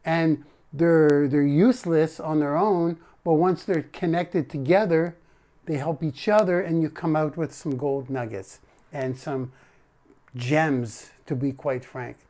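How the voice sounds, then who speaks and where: A man's voice: a little high, fairly even intonation, slow pace, dark tone. A man live streaming a casual monologue, rambling and correcting himself as he talks to his chat.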